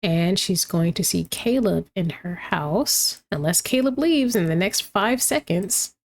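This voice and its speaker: A woman casually commenting on her gameplay, chatty and lively, talking to the game characters as she goes. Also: lowish voice, unhurried. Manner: chatty, reacts aloud, talks to the game characters.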